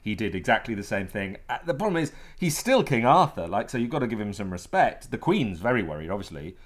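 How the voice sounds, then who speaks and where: A man guesting on a comedy podcast, delivering a mock news report in a deadpan, rambling way. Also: fairly low pitch, fast talker. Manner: deadpan, rambling with playful fake voices.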